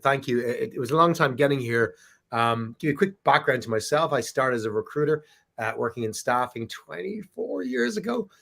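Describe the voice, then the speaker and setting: A man's voice: medium pitch, creaky, fairly bright tone. An Irish man in his forties talks as a guest on a podcast. His manner is chatty and easygoing, and he laughs as he goes, often stumbling and restarting his sentences. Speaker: podcast guest, recruiting company founder. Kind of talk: casual chat.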